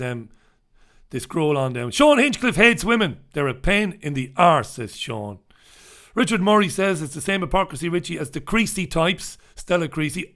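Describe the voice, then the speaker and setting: This man's voice is on the high side and a bit bright. He's hosting a live newspaper review from a dark room, chatting casually in live-stream commentary, sardonic and going mock-dramatic as he reads the headlines aloud.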